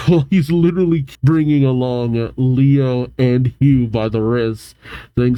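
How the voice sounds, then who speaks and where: A man's voice: medium pitch, measured pace, warm tone, no echo, rough recording. A man casually reading a manga aloud and commenting, rambling and correcting himself, often laughing. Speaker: manga reaction host.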